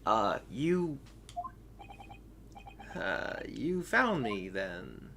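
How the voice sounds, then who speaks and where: A man's voice: fairly low pitch, very animated, extremely slow, gravelly, a bit bright, slight background noise, heavily acted. A man voicing a confused young protagonist in a game, who speaks in a hesitant, breathless way. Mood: bewildered. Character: bewildered young male protagonist.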